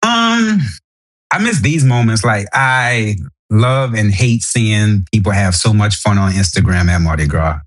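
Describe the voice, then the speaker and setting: A man's voice: lowish voice, unhurried. A man with a New Orleans accent, a guest on a podcast, chatting casually and telling stories in an easygoing way. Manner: easygoing storyteller, animated when telling stories. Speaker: podcast guest, Navy sailor.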